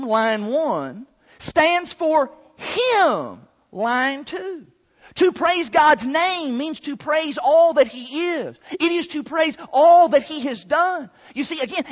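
A man preaching a sermon, stretching out key words for emphasis. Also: very high voice. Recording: long hall reverb, dull lo-fi sound.

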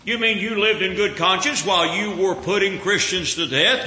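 A male preacher delivers a sermon in a high, ringing voice, repeating himself in earnest restarts. He is recorded in a big hall that echoes with long reverb. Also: fairly quick, hardly any pauses, sharp tone, a little hiss or hum.

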